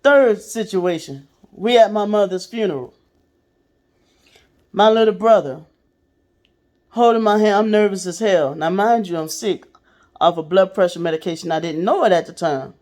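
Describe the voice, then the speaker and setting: A woman's voice: medium pitch, moderate pace, long pauses, darkish tone. A woman casually telling a personal story to her viewers, in a blunt, profane way. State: sick. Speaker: vlogger.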